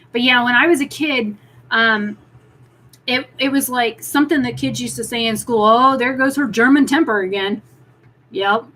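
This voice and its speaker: A woman's voice: a little high, pushed and bright, poor audio. A woman chatting casually on a live stream from home, rambling with restarts and talking to viewers. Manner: chatty, rambling, talks to her cat in baby talk.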